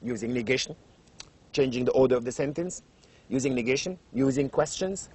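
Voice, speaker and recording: A middle-aged man with an Arabic accent gives a university lecture in English on children's literature. He is animated, loves rhetorical questions, and lets his voice rise and fall for emphasis. He talks a little fast, with slight background noise.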